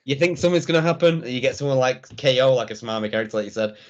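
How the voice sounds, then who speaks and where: A man's voice: medium pitch, racing. A man co-hosting a casual wrestling review, rambling and restarting his sentences often. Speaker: wrestling podcast co-host. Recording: dull lo-fi sound.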